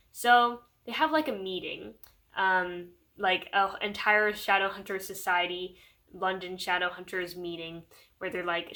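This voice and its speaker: A woman's voice: medium pitch, normal speed, pushed and bright. A woman recapping a book in a casual vlog, chatty and rambling, with lots of fillers. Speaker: book reviewer.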